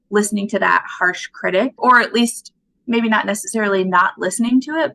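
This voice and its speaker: A woman being interviewed about her pottery, speaking in a soft, thoughtful, unhurried way. She talks casually and fills her pauses with "um" and "you know.". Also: mid-range voice, a little hiss or hum, rough recording. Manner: soft-spoken, thoughtful, with frequent fillers. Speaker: guest potter.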